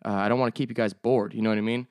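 A man's voice: fairly low pitch, steady tone, racing, clear, resonant tone, no echo, clean studio sound. A young man hosting his own podcast, chatting casually in a rambling, profane, joking way. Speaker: podcast host. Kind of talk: casual solo podcast chat.

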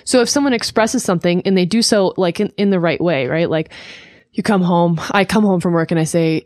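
A woman with a low-pitched voice co-hosts a casual advice podcast, earnest and explanatory. She leans on "like" and "right?" as she talks it through. Her voice sounds dry and close, with no room around it. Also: brisk, a little mellow, dry recording. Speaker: podcast co-host. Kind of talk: casual relationship advice chat.

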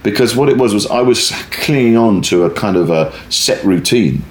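A man's voice: on the low side, normal speed, reverberant. A stand-up comedian, a man, telling a rambling anecdote in an interview, often breaking off and starting his sentences again. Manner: rambling, self-interrupting, animated anecdote teller. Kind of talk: conversational interview storytelling.

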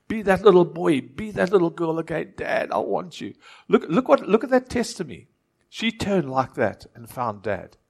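An earnest preacher man with a slightly high voice. He repeats and restarts his words, and his volume swings from hushed to forceful. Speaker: pastor. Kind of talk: sermon.

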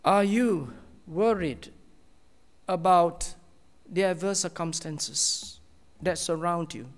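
A man preaching a sermon as a pastor, slow and earnest, with many pauses and often dropping to a soft, hushed tone. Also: sits high, big-room sound.

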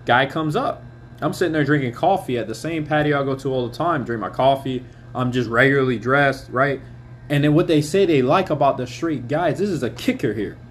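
A man's voice: mid-range voice, fairly quick, a little hiss or hum. A man hosting a podcast, ranting bluntly in a casual monologue, swearing often and telling stories with a lot of energy. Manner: blunt, heavy swearing, animated storytelling. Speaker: podcast host.

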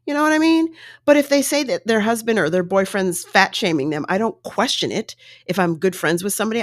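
A woman's voice: mid-range voice, dry recording, clean studio sound. A woman hosting her own podcast, recapping reality TV casually and chattily, acting out quotes in voices. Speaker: podcast host.

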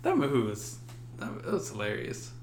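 A laid-back man chats on a podcast, his pitch moving freely as he talks. He laughs often and restarts his sentences. The room around him is echoey. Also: huge pitch swings, normal speed, slight background noise. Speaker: podcast co-host. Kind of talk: casual chat.

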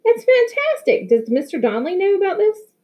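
This woman pitches her voice above her natural range to play an eager, well-meaning mother who talks with enthusiasm. Her delivery sits high with big pitch swings, a normal pace, and a slightly mellow quality, chatty and enthusiastic throughout.

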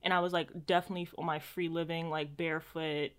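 A woman's voice: sits low, fast. A woman in casual chat, telling stories and acting out quotes in big voices. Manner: animated storytelling, acts out quotes in big voices.

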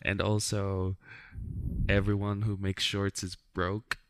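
Low-voiced man, frank and cursing. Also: monotone, slow, clear, resonant tone, no echo, clean studio sound. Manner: frank, profane, wry. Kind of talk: casual chat.

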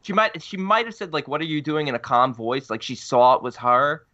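A man's voice: mid-range voice, lively intonation, normal speed, pushed and bright. A man co-hosting a podcast, chatting casually about a horror movie with rambling restarts. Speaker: podcast co-host. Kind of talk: casual movie review chat. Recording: muffled lo-fi audio.

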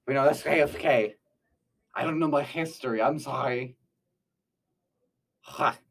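A man's voice: medium pitch, normal speed, gravelly, recorded from a distance. A man improvising a comedy interview as an evil scientist, rambling and goofy, often correcting himself.

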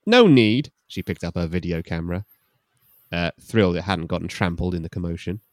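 A man's voice: deep voice, flat delivery, fairly quick, a little mellow, no room sound, clean studio sound. A man hosting a podcast, reading a novel aloud with wry, mock-dramatic comic asides.

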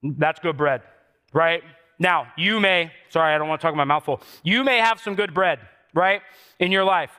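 Man, pastor giving a sermon; high, bright voice, conversational and building to emphatic repeated lines. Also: moderate pace, smooth. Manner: conversational preaching with asides to the congregation.

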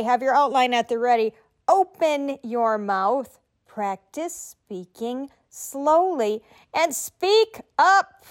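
A middle-aged woman hosting a podcast, giving writers friendly, conversational tips. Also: sits high. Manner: encouraging, conversational, tells listeners what to do. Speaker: podcast host and writing coach. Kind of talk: instructional podcast talk.

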